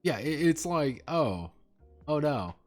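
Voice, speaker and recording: A man chatting casually on a live stream, excitable and profane, swearing and laughing often as he rambles. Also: a little high, takes it slowly, soft background music.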